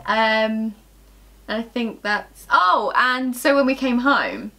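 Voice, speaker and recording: A woman's voice: on the high side, slow pace, pushed and bright. A young woman, chatting casually on a vlog, giggling and trailing off with ums. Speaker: vlogger. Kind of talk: casual chat.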